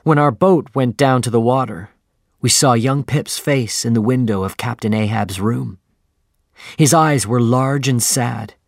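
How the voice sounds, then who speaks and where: Slow, gravelly male audiobook narrator. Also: medium pitch, no echo, clean studio sound. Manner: measured, plain storytelling.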